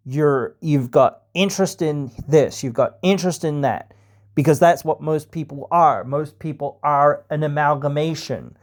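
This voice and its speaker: A man's voice: fairly high pitch, steady tone, unhurried. An Australian man hosting a podcast, chatting casually and rambling with many fillers. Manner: rambling, heavy fillers, mock voices for stereotypes. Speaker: podcast host. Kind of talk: casual chat.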